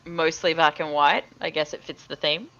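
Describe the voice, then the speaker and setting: A woman's voice: sits low, steady tone, normal speed, a bit bright. A woman chatting casually with enthusiasm, encouraging the others as they draw. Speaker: co-host of an art stream. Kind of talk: casual chat. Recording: dull lo-fi call audio, faint noise.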